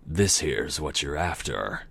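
A man's voice: a bass voice, animated, vocal fry, a bit bright, husky, full character voice. A man doing Death, a cocky southern stallion. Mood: taunting. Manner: slow, taunting drawl. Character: menacing undead stallion Death, mocking and cocky.

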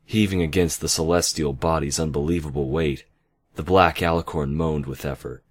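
Very deep-voiced man reading a story. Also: fairly even intonation, moderate pace, a little hiss or hum. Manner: reads with casual asides and self-corrections. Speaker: reader. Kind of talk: fan fiction reading.

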